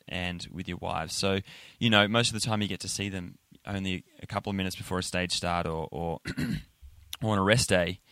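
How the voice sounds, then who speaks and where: Deep-voiced man hosting a casual chat. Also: a bit bright, dry recording. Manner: loose and rambling, heavy on "like" fillers. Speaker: podcast host.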